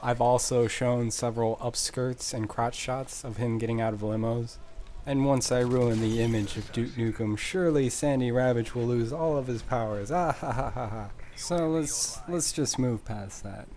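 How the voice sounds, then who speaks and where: A man rambling through casual game commentary in a sarcastic, deadpan joking manner, recorded on a desk mic as a voice-over. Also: medium pitch, moderate pace, a little hiss or hum. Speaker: gameplay commentator.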